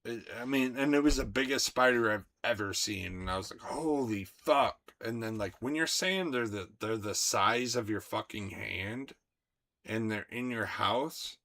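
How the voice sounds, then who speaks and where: A young man streaming, talking to his chat in an excitable, profane rant. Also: on the low side, moderate pace. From United States. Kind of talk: casual livestream chat.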